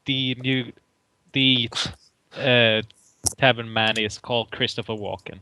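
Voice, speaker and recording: Playful bright-voiced male player. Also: medium pitch, fairly even intonation, takes it slowly, smooth. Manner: joking, playful. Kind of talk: tabletop game chat.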